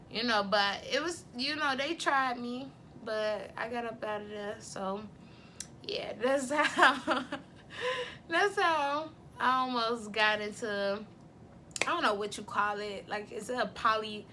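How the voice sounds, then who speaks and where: A woman's voice: on the high side, bright, forceful tone, slight background noise. A young woman telling a story in a casual vlog, blunt, profane and candid, often laughing. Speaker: vlogger.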